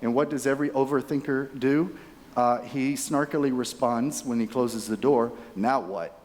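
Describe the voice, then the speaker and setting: A man in his fifties tells a personal story at a conference keynote. His mid-pitched voice is chatty and animated, and he talks straight to the crowd. It rings out with a long reverb through a large hall. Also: moderate pace, slight background noise. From Texas. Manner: animated, chatty, addresses audience directly. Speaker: keynote speaker.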